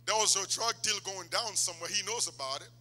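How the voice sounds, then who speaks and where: Male pastor, high and piercingly bright, fervent sermon delivery, church reverb. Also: fast, soft background music. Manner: impassioned, swings from loud exhortation to low asides. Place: church sanctuary. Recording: long church hall reverb.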